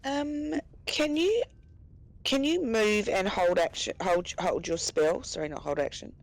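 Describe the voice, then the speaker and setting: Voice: mid-range voice, unhurried, low-quality recording. A player at a tabletop game asking hesitant questions about the rules. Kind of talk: casual tabletop play.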